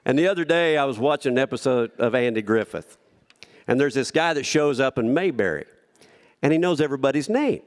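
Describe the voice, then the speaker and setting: A man's voice: mid-range voice, lively intonation, fairly quick. A man giving a heartfelt, rambling acceptance speech at a rodeo hall of fame banquet, telling stories and acting out quotes.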